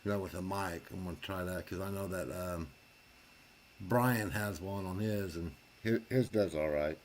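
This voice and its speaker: A man with a very deep, low voice chats on a live stream. He is easygoing and plain-spoken, with folksy grammar. A faint hiss sits under his voice. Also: moderate pace. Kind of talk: casual chat.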